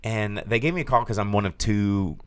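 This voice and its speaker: A man with a Southern US accent, co-hosting a podcast, telling lively stories in a casual way and swearing now and then. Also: lowish voice, a little fast, slight background noise. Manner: animated storyteller, swears casually. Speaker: podcast co-host. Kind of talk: casual chat.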